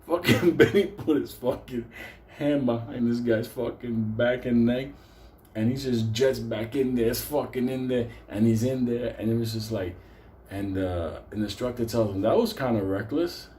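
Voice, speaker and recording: A man's voice: medium pitch, fairly even intonation, normal speed, darkish tone, slight background noise. A man telling a comic story casually, profane and laughing as he rambles.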